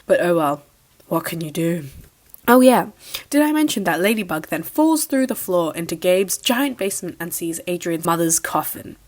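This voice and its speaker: A woman's voice: lowish voice, lively intonation, normal speed, darkish tone. A young woman giving a casual, sarcastic recap review of a cartoon finale, mocking the plot as she goes. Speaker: show reviewer.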